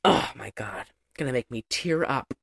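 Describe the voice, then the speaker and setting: Low-pitched woman, casual co-host, profane and chatty. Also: animated, normal speed, creaky, breathy edge. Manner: chatty, profane, laughs often. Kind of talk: casual chat recapping a movie.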